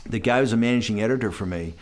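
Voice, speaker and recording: A man's voice: fairly low pitch, very fast. A man being interviewed, telling a long anecdote in a rambling way, restarting sentences and quoting others with "I go". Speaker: interview guest. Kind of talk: anecdotal storytelling in a conversation.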